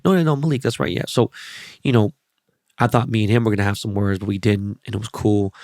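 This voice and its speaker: A man in his forties hosts a podcast and talks at an ordinary pitch in a gravelly voice. He rambles, swears freely and stays animated through his stories. The close mic sounds dry with no room in it. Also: quick pace, no echo. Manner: profane, rambling, animated storytelling. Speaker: podcast host. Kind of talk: casual podcast monologue.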